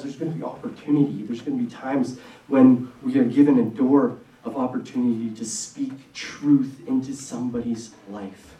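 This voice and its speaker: A man preaching a sermon in an earnest, conversational way, with quick bursts and restarts, recorded in a church hall. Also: mid-range voice, mellow. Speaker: pastor. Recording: echoey room from a distance.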